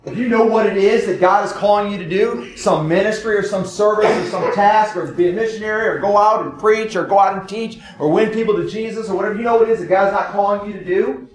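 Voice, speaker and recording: High-pitched preaching man, echoey room. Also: a little fast. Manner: earnest preaching, swings from hushed to insistent urging. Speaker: pastor. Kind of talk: sermon.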